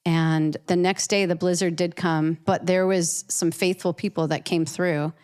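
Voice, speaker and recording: A woman with a lower voice and a smooth, resonant tone tells a personal story to an interviewer. She is earnest and emotional, and she often restarts and repeats words as she goes. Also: steady tone, unhurried, darkish tone. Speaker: professional artist, interview guest.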